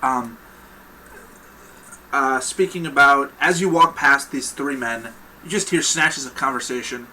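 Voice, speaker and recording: A man running a tabletop horror game as game master, narrating with loose, halting restarts. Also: mid-range voice, sharp tone, slight background noise, rough recording.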